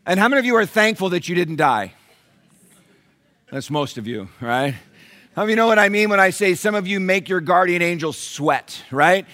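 A pastor preaching a sermon in church, animated, asking the congregation questions. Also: male voice, high-pitched, a little fast.

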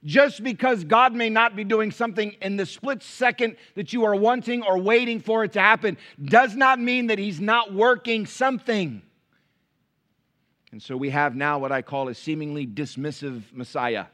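A man preaching a sermon as pastor, animated, firing rhetorical questions and dropping to quiet asides. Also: sits high, normal speed.

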